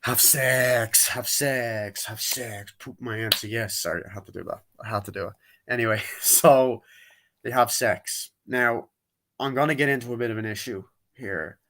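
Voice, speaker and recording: A man talks through a film plot in a loose, rambling way, with lots of fillers and casual swearing. His voice sits a little on the low side, and the delivery is offhand and jokey. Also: moderate pace, fairly bright tone. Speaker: movie reviewer. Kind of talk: casual spoken movie review.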